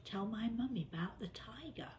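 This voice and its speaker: A woman voicing a shy little girl of nearly three, whispering softly with a lisp. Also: on the high side, expressive, normal speed, a little hiss or hum, lightly acted. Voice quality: lisping.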